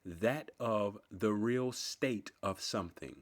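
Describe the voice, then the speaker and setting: A man reading dictionary entries aloud in a slow, deliberate, word-by-word recitation. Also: fairly low pitch. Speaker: channel host.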